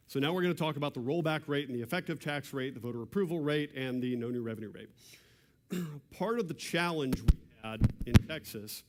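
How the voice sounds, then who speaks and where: Man presenting slides, frequent throat clearing, halting restarts, mid-pitched voice, mic in a meeting room. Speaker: presenter at a church civics class. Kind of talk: explanatory lecture with slides. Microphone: microphone.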